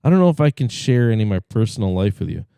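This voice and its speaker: A man voicing a calm, secretive male alien at a party as he tells a joke. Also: on the low side, racing, gravelly, clear, resonant tone, no room sound, studio quality.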